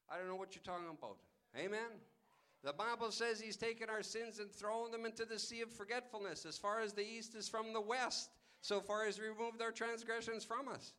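A man's voice: high voice, normal speed, pushed and bright. A male pastor preaching a sermon with emphatic, call-and-response delivery. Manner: emphatic, calls out "Amen?" to the congregation.

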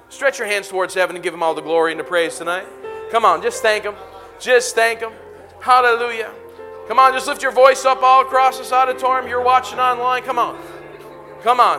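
A male pastor preaches in a church auditorium with a high, bright voice. He keeps breaking into laughter and calls out to the congregation. Soft music plays faintly behind him. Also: fairly quick. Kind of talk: sermon and altar call.

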